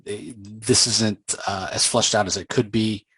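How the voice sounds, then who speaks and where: A man with a lowish voice, talking through a comic book story in a loose, meandering recap. He stops often on small fillers while he gathers his thoughts. The sound is close and dry, with no room around it. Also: steady tone, a bit bright, husky, no room sound, poor audio. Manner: rambling, with frequent filler pauses.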